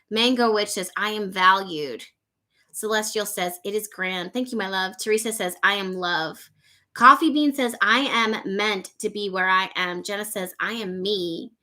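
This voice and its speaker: A woman hosts a relaxed live chat, reading out viewers' comments one after another. Her voice is bright and clear, and she is effusive, savoring lines by saying them again. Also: mid-range voice. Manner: effusive, repeats phrases to savor them, laughs often. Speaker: livestream host.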